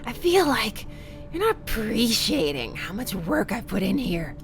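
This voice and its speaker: A woman's voice: fairly high pitch, big pitch swings, a little slow, over music. A woman co-hosting a let's play, chatting in a playful, mock-boastful way. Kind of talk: casual chat.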